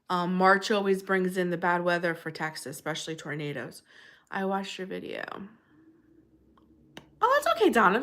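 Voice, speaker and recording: A woman's voice: lowish voice, sharp tone. A woman hosting a casual livestream, chatting and greeting viewers by name in a bubbly way. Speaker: livestream host.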